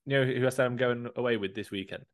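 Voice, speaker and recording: A man's voice: medium pitch, fast talker. A young man telling stories in a casual chat. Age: young adult. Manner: chatty, storytelling with swearing and laughs.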